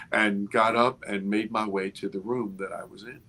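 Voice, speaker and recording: A man over fifty, an interview guest, telling a story with expressive, restarting speech. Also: fairly low pitch, normal speed, creaky, hardly any pauses. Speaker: interview guest, film producer. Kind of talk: animated storytelling in a casual interview.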